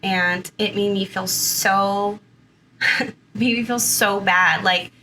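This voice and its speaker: A bright-voiced woman in her thirties, from Southern California, opens up as an interview guest. She talks at a middling pitch in a loose, chatty way, with "like" and "you know" all through her sentences. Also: fairly even intonation, takes it slowly, a little hiss or hum, poor audio. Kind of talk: personal interview storytelling.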